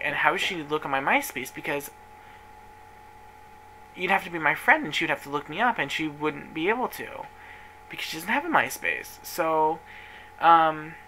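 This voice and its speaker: Young man vlogging a personal story, emotional and rambling, very bright voice, faint hiss. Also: fairly high pitch, low-quality recording.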